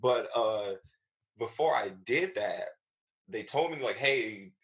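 A man's voice: takes it slowly, low-quality recording. Slangy male comedian telling a story. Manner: animated, acts out quoted voices with big pitch jumps; slangy and profane. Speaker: comedian guest. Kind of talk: casual storytelling chat.

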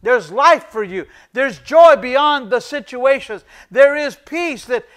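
A man's voice: very high voice, lively intonation, slow pace. A middle-aged male pastor preaching a sermon, pressing points by repeating short phrases and calling out to the congregation. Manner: emphatic, repeats key phrases for emphasis; addresses the congregation as ladies and gentlemen.

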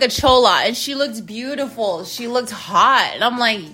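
A woman's voice: a little high, animated, moderate pace, few pauses, pushed and bright, husky, faint music behind. A woman hosting her own show, ranting casually in a blunt, profane, rambling way. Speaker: host. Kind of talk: casual rant to camera.

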